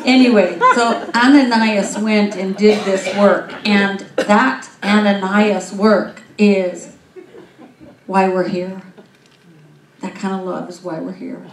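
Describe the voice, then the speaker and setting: Woman minister, animated sermon storyteller, mid-pitched voice, roomy sound from far away. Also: slow pace, crowd noise.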